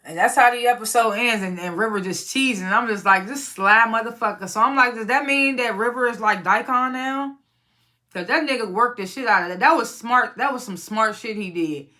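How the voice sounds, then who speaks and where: A woman's voice: on the high side, moderate pace, pushed and bright. A woman hosting her own review channel, recapping a TV episode in a casual, profane way and acting out the characters' lines as she goes.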